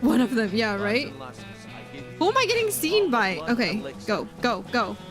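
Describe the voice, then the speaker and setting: Young woman, high voice, game streamer; giggly, rambling chatter with her chat, faint music behind. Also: big pitch swings, moderate pace. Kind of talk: live gameplay stream chat.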